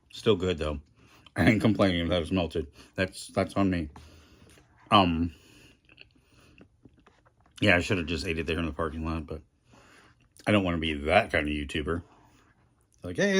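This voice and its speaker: Middle-aged guy w a deep voice doing a chatty food review, jokes at his own expense. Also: fairly bright tone. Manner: chatty, self-deprecating, talks with mouth full. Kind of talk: casual rambling food review vlog.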